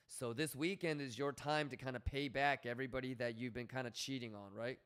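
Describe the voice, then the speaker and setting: A man's voice: medium pitch, fairly even intonation, a little fast, hardly any pauses, a bit bright, clean tone. A man hosting a livestream, his voice sitting in an ordinary middle range. He talks to his chat casually but bluntly, swearing freely and pushing viewers like a hard-nosed coach. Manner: blunt, profane, coaching tone, reads chat aloud. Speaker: livestream host.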